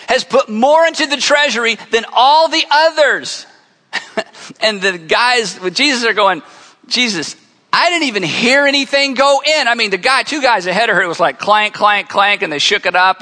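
A middle-aged man preaching a conversational sermon to a congregation, telling stories with lively energy. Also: high voice. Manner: conversational, animated storytelling. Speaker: pastor. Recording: long hall reverb.

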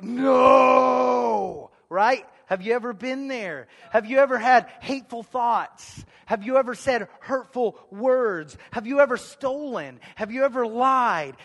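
A man, preaching a sermon in a high, conversational voice. He drops to soft asides and then bursts into loud shouts. The sound carries the long reverb of a church hall. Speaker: pastor.

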